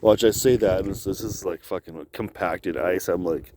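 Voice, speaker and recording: A man's voice: on the low side, measured pace, hardly any pauses, dark tone, a little hiss or hum. A man talking to camera outdoors in a loose, drifting monologue, swearing often and laughing between thoughts. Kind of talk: rambling solo vlog monologue. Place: outdoors on icy cliff edge.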